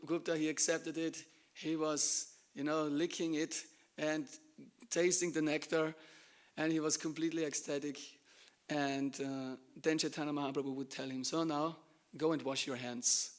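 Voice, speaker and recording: A male preacher in a temple, telling a devotional story in an animated way and acting out the lines of its characters. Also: a little high. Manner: animated, acts out quoted lines, bursts into chanting.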